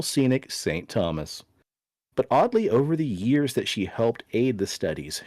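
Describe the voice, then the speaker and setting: Lively low-voiced man telling a story. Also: dry recording. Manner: playful, dry storytelling. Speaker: podcast host.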